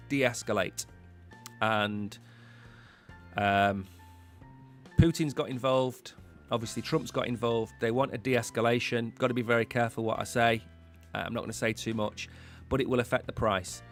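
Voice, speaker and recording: A man's voice: medium pitch, fairly even intonation, measured pace, a bit bright, soft background music. A man hosting a live market commentary stream, talking in a chatty, rambling way and repeating words while he thinks. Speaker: host.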